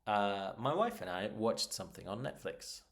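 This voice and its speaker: A man with a somewhat low voice gives a beginner English lesson. He is patient and says each example sentence twice, slowly and clearly, so learners can follow. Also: sing-song, a bit bright. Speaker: English teacher.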